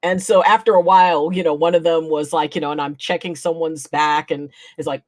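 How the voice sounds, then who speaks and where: A woman with a slightly low voice chats casually as a guest. She tells her stories with animation, acting out what people said and breaking into laughs. Her voice sounds dry and close, with no room echo. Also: fast talker, few pauses. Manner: animated, acts out quotes, laughs often. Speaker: guest chiropractor. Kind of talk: casual storytelling chat.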